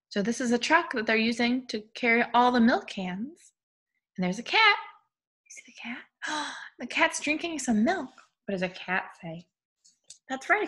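A woman's voice: a little high, fairly bright tone. A young woman, a preschool teacher, leads an online group time for small children, gasping in delight and drawing out animal sounds.

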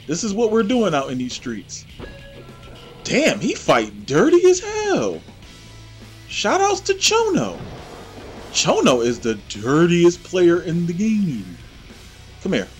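A man hosting his own gameplay channel, giving excitable, trash-talking play-by-play commentary. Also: on the high side, slow, faint music behind.

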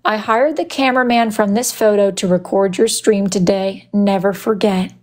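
A woman of medium pitch speaks at normal speed while hosting a casual wood-burning live stream. She chats playfully, teasing her viewers as she reacts to their messages.

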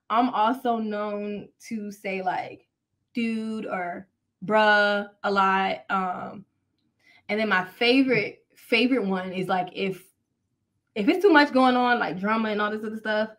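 A woman from the Southern US, a wrestler guest on a podcast, chatting casually with slang and frequent laughter. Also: medium pitch. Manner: playful, slangy, laughs often.

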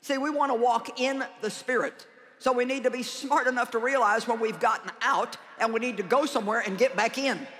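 Forceful, joking older woman preacher. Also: fairly high pitch, brisk, a little hiss or hum. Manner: animated, joking, acts out prayers and dialogue. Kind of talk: humorous conference sermon.

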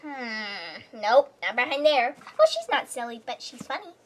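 A child voicing a playful little girl doll in a home doll play video, slow and giggly. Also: a little high, very animated, very noisy, voice pushed down.

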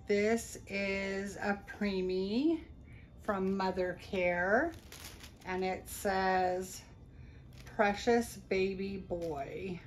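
A woman gushing over tiny baby items as she unboxes a package, with drawn-out coos and soft exclamations. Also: mid-range voice, fairly even intonation, a little hiss or hum. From United States. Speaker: vlogger unboxing a reborn doll. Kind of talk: excited unboxing chat.

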